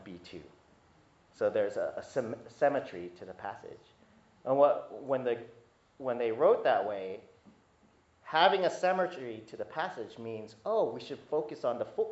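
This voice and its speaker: Conversational pastor preaching in an echoey hall. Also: male voice. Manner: conversational teaching with frequent asides and restarts; animated, rising pitch when emphatic. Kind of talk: sermon. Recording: echoey hall, dull lo-fi sound.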